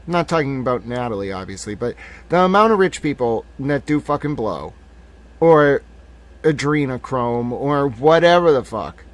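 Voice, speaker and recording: A man's voice: medium pitch, expressive, normal speed. A man in his thirties hosting a live stream, ranting in a heated, profane way. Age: 30s. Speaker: livestream host.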